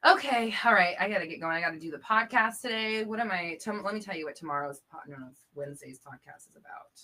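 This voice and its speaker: A woman's voice: lowish voice, quick pace, bright, forceful tone. A woman hosting a casual live-stream chat, reading out viewer comments, chatty and playful with frequent laughter. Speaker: host and coach.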